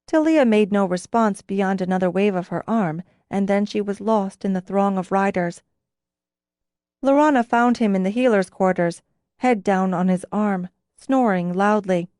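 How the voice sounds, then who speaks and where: Woman audiobook narrator, medium pitch, dry close sound, even measured reading. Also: no room sound. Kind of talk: scripted fantasy narration.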